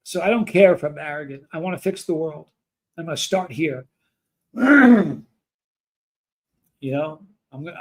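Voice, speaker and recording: A man hosts a livestream and speaks earnestly and emotionally to his chat. He rambles and restarts his sentences often. His voice sits a little high for a man. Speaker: livestream host.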